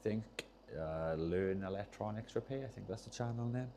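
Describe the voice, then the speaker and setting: A man's voice: fairly low pitch, normal speed, creaky, dark tone, slight background noise. A man casually chatting on a livestream while he solders, rambling and often losing his train of thought. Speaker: streamer repairing controllers.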